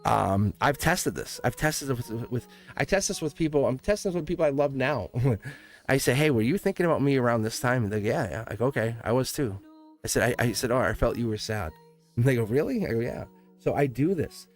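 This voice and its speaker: A man's voice: medium pitch, expressive, fairly quick, soft background music. A man hosting a live-stream tarot reading, chatty and laughing often as he answers his live chat. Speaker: tarot reader.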